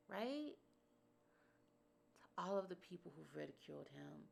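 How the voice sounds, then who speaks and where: A woman's voice: on the low side, creaky, slight background noise. A woman hosting a podcast, talking through a personal reflection in an earnest, emphatic way and repeating phrases for stress. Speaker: podcast host.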